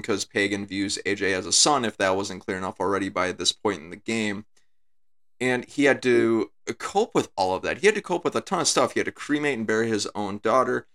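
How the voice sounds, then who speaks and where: Low-voiced man breaking down a villain. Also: fairly bright tone. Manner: talks things through, repeats his points. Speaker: video essay creator. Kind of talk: casual analytical commentary.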